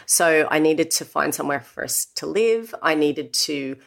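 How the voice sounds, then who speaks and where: An Australian woman in her thirties appears as a guest, telling her own story candidly and reflectively with many "you know" asides. Her voice is deep, with lively intonation, normal speed and vocal fry.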